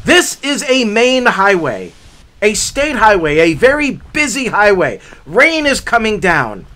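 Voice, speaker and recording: Animated, high-voiced man telling a story. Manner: dramatic, builds up to shouted reenactments. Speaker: hiking vlogger. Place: outdoor forest trail.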